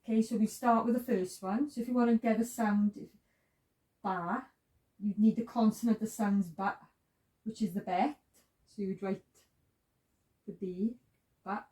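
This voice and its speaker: Patient woman teaching, slow and mellow. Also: mid-range voice, steady tone, distant mic, low-quality recording. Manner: patient, repeats sounds and steps. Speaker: Hebrew teacher. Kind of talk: slow step-by-step lesson.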